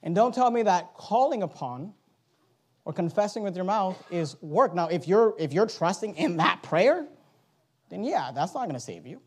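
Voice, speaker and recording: Fiery high-voiced male preacher. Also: big pitch swings, normal speed, husky. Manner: swings from loud emphatic preaching to low urgent asides. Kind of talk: fiery sermon with scripture reading.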